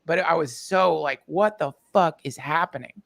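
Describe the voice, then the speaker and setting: Man, high pitch, gravelly, emotional, halting storytelling, fillers. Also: fairly bright tone. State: tearful. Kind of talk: casual storytelling.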